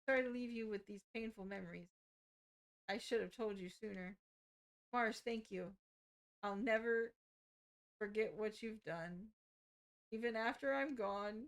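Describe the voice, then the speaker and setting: A woman reading aloud as a gentle male spirit born from prayers, calm and solemn. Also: medium pitch, measured pace, pauses often, lightly acted. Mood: tender farewell. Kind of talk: reading game dialogue aloud.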